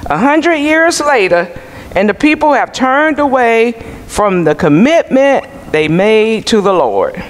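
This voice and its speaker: A male pastor preaching a sermon in a slow, measured way, asking the congregation questions and waiting for their answers. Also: very high-pitched, a little hiss or hum. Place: church sanctuary. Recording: church sanctuary with long reverb.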